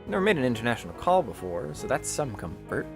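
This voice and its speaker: Guy reading a visual novel out loud, lively up and down voice, soft music in the back. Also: medium pitch, fast talker, creaky. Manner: expressive, chatty, breaks off into jokey asides. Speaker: visual novel reader, channel host.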